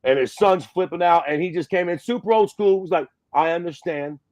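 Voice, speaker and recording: A man's voice: sits high, brisk, darkish tone, no echo, low-quality recording. A man hosting a casual podcast chat, ranting animatedly and swearing a lot. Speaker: podcast host.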